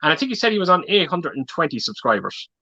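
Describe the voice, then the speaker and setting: A man's voice: on the high side, big pitch swings, fast, sharp tone, muffled recording. A man in a casual livestream chat, telling rambling stories and often repeating his words.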